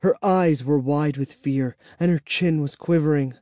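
Slow mellow audiobook narrator. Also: medium pitch, no echo, clean studio sound. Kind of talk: first-person storybook narration.

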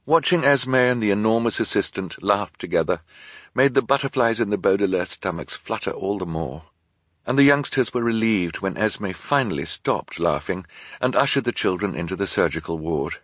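A man narrating an audiobook in a dry, measured storytelling manner. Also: on the low side, animated, a bit bright, no echo.

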